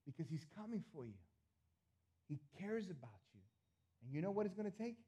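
A middle-aged man preaching a sermon as pastor, earnest, repeating phrases, swinging between loud appeals and soft asides. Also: fairly high pitch, lively intonation, moderate pace, pauses often, slightly rough.

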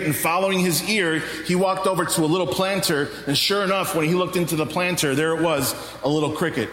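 Male pastor, fairly high, forceful voice; emphatic sermon delivery with rhetorical questions. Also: brisk, few pauses, slight background noise. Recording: roomy hall reverb, faint ambience.

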